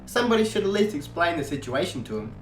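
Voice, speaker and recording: This audiobook character is a cocky, sarcastic male biker vampire hunter, voiced by a man whose pitch is fairly high and pushed up. The delivery is very animated, quick and full of mocking taunts. Faint guitar plays in an echoey room.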